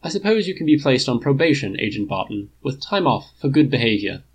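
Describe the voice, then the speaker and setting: A man's voice: medium pitch, sing-song, brisk, breathy edge. A man voicing a formal, judgmental artificial-intelligence butler with a clipped, dry delivery.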